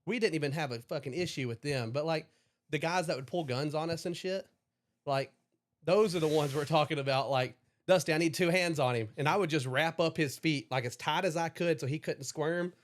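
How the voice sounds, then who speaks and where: A man's voice: a little high, brisk. A young man on a podcast, casually telling rambling stories, swearing freely. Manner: profane, rambling storyteller. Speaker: podcast co-host. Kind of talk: casual chat.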